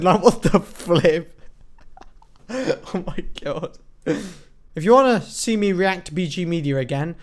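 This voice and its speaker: A young man hosting a casual reaction video, sarcastic and prone to loud exclamations and mocking put-on voices. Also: high-pitched, animated, measured pace. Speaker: YouTube host reacting to music videos.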